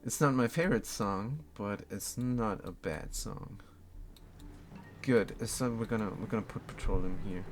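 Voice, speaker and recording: A man's voice: fairly low pitch, unhurried, soft background music. A man from Germany casually commenting on his game while answering chat in a laid-back way. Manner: laid-back, reads chat aloud, chuckles often. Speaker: streamer.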